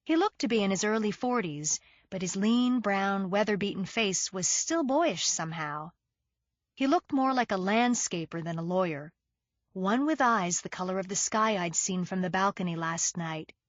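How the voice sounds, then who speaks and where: A woman's voice: medium pitch, expressive, moderate pace, dry recording. A woman narrating a thriller audiobook in the first person, in a wry, sardonic storytelling manner.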